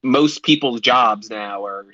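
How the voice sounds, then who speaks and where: A man's voice: mid-range voice, slow pace, pushed and bright, dry recording, lo-fi sound. A man co-hosting a podcast in casual chat, dropping dry wisecracks and swearing. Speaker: podcast co-host.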